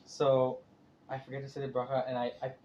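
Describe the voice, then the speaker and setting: A man, a student in a class, asking a question quickly and hesitantly, thinking aloud with restarts. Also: mid-range voice, monotone, highs cut off, a crowd in the background.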